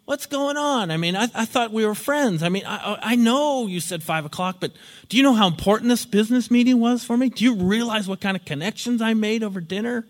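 A man's voice: a little high, normal speed, fairly bright tone, close to an everyday voice. A man voicing a pleading, self-pitying male friend who makes excuses and guilt-trips. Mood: wounded. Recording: long hall reverb.

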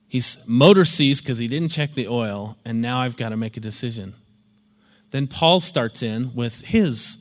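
A man giving a lecture in a storytelling, explanatory manner. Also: medium pitch. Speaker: teacher. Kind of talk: spoken lecture with acted examples. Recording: long hall reverb.

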